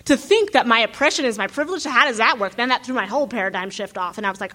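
A woman from the United States speaks in a slightly higher than usual register, earnest and animated. She thinks aloud and breaks up her points with little asides and rhetorical checks. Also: a little fast. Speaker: graduate student. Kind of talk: reflective talk.

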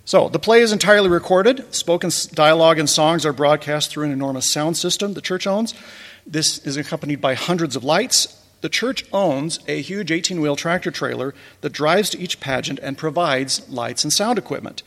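Gravelly man telling wry stories. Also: a little high, normal speed, a bit bright, big-room sound. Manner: wry, chuckling asides. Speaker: presenter recounting a church pageant. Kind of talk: casual talk over slides.

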